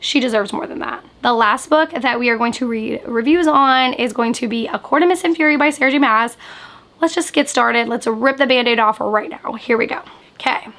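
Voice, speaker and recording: A woman book vlogger in casual reaction chat, animated and chatty, sprinkling "like" through her talk. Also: a little high, moderate pace. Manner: chatty, animated, frequent "like" fillers.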